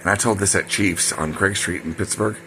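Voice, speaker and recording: A man's voice: sits low, fairly even intonation, a little fast, pushed and bright, a little hiss or hum. An older man telling a rambling personal story, wandering off on side tracks with many ums and self-corrections.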